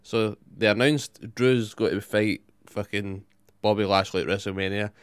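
A man's voice: fairly low pitch, fairly even intonation, normal speed, clear, resonant tone, no echo. A young man chatting casually, blunt and sweary, full of opinions. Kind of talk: casual chat.

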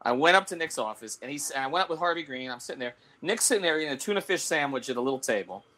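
A middle-aged man telling a long anecdote in casual talk-show chat, animated and laughing, with many restarts. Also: on the high side, very fast. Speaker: sports columnist and show host.

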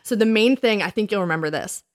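An animated woman at middle pitch tells dating stories in a relaxed chat. She laughs often and acts out her old lines in a higher, brighter voice. Her pitch jumps widely as she gets into the story. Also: quick pace. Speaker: podcast co-host.

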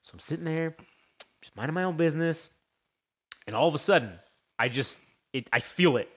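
Animated, profane young man telling a story. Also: a little high, fairly quick, husky. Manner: animated, profane, acts out voices in his story. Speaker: podcast host. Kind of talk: casual storytelling.

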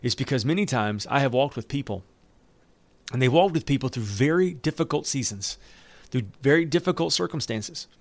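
A man's voice: medium pitch, moderate pace, no room sound. A man preaching a sermon, reading scripture aloud and breaking in with joking asides. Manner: animated, joking asides with laughs. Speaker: pastor.

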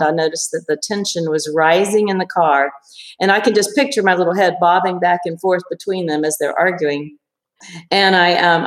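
A woman in her fifties, a therapist, talking thoughtfully in an interview with many pauses and restarts. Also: lowish voice, roomy sound. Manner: reflective, hesitant with many restarts and fillers. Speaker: therapist guest. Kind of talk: casual interview.

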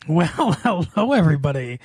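A high-pitched man co-hosts a comedy podcast and laughs through his own jokes as he runs a quiz. His voice sits dry and close on the mic, with no room sound. The talk is loose, casual banter. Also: very animated, normal speed, a little mellow, slightly rough, no room sound. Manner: laughs often, quizzes his co-host. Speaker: podcast co-host.

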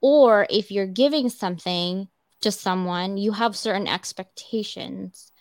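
A woman hosts a relaxed talk and tells stories in a lively, chatty way. Her voice sits at an ordinary pitch, and it is recorded close and dry with almost no room sound. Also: unhurried, no echo. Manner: animated storyteller, chatty. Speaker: host. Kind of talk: casual chat.

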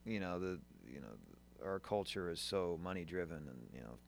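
A man's voice: low voice, expressive, moderate pace. A man in a casual chat, laid-back and agreeable, filling his talk with "you know.".

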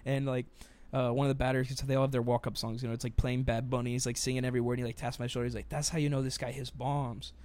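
A young man co-hosting a casual comedy podcast, telling profane, animated stories with sudden loud bursts. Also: mid-range voice, racing, clean tone. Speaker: podcast co-host.

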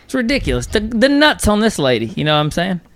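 A man's voice: high-pitched, sing-song, fast, fairly bright tone, dry recording. A man, co-hosting a podcast and throwing in crude teasing jabs. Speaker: podcast co-host. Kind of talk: casual podcast chat.

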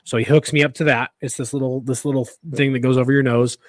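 Animated, rambling male podcast storyteller. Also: mid-range voice, fast talker, dry recording. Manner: animated, rambling storyteller with many restarts and laughs. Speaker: podcast co-host. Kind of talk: casual storytelling chat.

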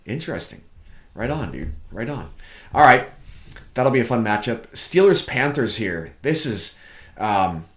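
A man's voice: medium pitch, sing-song, unhurried. A young man co-hosting a casual sports podcast, laid-back and swearing freely, calling his friend dude. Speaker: podcast co-host. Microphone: own mic, muting himself at times.

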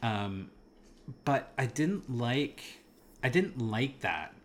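Male co-host, unhurried and animated, mid pitch, faint ambient hiss; casual movie review chat. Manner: enthusiastic, rambling, laughs often.

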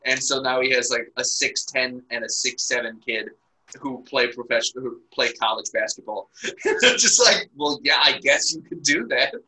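A man's voice: mid-range voice, steady tone, moderate pace, pushed and bright, rough recording. A man chatting casually and crudely with a friend, laughing often as he jokes. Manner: laughs constantly, crude and joking. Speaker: podcast co-host. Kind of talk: casual comedic chat.

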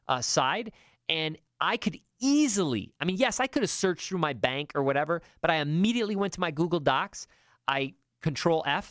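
A man's voice: a little high, a bit bright, clear, resonant tone, no echo, studio quality. A middle-aged man hosting a talk show, giving emphatic, coaching money advice with many fillers and restarts. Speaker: podcast host.

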